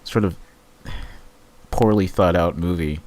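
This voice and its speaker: Deep-voiced man, rambling and profane. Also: unhurried, a little mellow. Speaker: podcast host. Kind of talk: casual chat.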